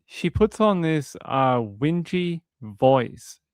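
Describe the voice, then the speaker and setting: Smooth-voiced man rambling through commentary. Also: on the high side, very animated, extremely slow, no echo. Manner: conversational, rambling, reads out chat comments. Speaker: true crime streamer. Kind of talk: casual livestream commentary.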